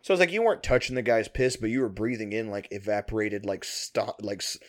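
A man's voice: lowish voice, fairly quick. A man in casual chat, telling long rambling stories full of swearing and frequent laughter.

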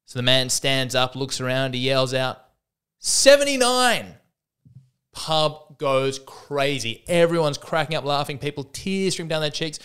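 A man's voice: mid-range voice, steady tone, moderate pace, few pauses, fairly bright tone, clean tone. A man hosting a solo comedy podcast, talking in a wry, self-mocking way and acting out the voices in his jokes. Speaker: podcast host.

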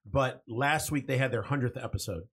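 A man's voice: mid-range voice, a little fast, a bit bright, a little hiss or hum. A young man co-hosting a podcast, chatting enthusiastically, stumbling over words and swearing. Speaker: podcast co-host. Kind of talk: casual chat.

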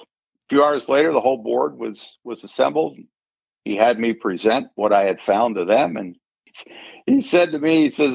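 A man's voice: fairly low pitch, expressive, moderate pace, vocal fry, husky, no echo. An older man, a retired forensic accountant, telling a story in an interview and acting out the voices of the people in it. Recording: dull lo-fi sound.

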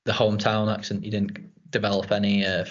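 Relaxed man, lowish voice. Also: fairly quick, dull audio. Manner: rambling, relaxed, swears casually. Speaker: podcast host. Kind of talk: casual chat.

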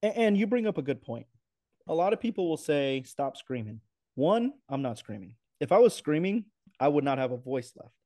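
A man's voice: fairly high pitch, very animated, a little fast, warm tone. A man, a racing announcer, talking enthusiastically and emphatically in a casual podcast interview, with playful asides.

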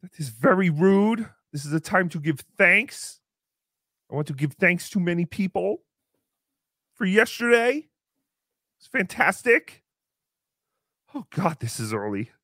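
A man voicing a brash, crude male turkey puppet as host of a comedy stream, in a squeaky, excitable voice. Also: a little slow, pauses often, no room sound, clean studio sound, heavily acted. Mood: excited. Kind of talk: live comedy stream banter.

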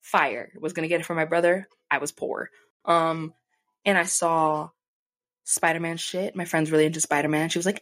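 Young woman, low voice, casual storytime vlog, swears a lot and acts out quotes. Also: moderate pace. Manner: animated, profane, acts out quoted people. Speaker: vlogger. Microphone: desk mic.

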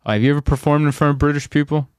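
A comedian telling stories in a casual podcast chat, animated and often laughing as he mimics people. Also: a little high, racing, clear, resonant tone, no room sound, clean studio sound.

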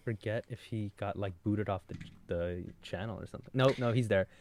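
Low-voiced man with dry reactions. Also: fairly quick, darkish tone, slight background noise. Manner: dry, terse reactions, laid-back. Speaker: podcast co-host. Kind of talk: casual chat.

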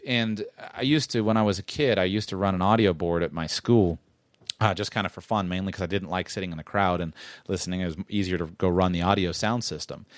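A middle-aged man with a lowish voice talks close into a studio mic, the sound dry and near. He rambles through tips as a show host and keeps catching and correcting himself. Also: no room sound. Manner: chatty, rambling, self-correcting rant. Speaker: podcast host. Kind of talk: casual monologue with public speaking tips.

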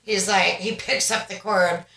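A woman in her thirties co-hosting a podcast with friends, telling stories in a chatty, animated, reflective way. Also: mid-range voice, a little slow, creaky. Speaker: podcast co-host. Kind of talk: casual chat. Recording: roomy echo.

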